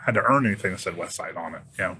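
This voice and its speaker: A man's voice: low-pitched, rapid-fire, sharp tone, a little hiss or hum. A middle-aged man with a Midwestern American accent telling a story in a laid-back, drawling way. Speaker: podcast guest. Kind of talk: casual storytelling.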